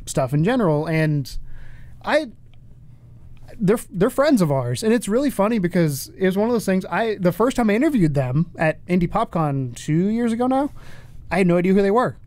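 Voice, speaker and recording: A man co-hosting a casual podcast, telling stories in a quick, animated way with frequent restarts. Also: high voice, no room sound. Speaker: podcast co-host and interviewer. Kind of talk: casual chat.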